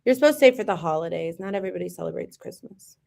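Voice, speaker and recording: A woman co-hosting a casual chat show, teasing and animated when telling stories. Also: lowish voice, rapid-fire, gravelly. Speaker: co-host.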